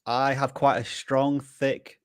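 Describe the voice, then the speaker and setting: A man's voice: medium pitch, flat delivery, slow pace, smooth, no room sound. Man, from northern England, co-host, casual livestream chat, restarts sentences, dry close sound. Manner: self-conscious, repeats words as he starts sentences.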